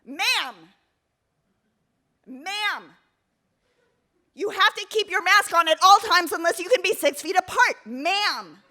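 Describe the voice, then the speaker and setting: A woman voicing a self-righteous adult woman hiker who shouts officious scoldings in a storytelling performance. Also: very high voice, animated, a little slow, voice pushed up, full character voice.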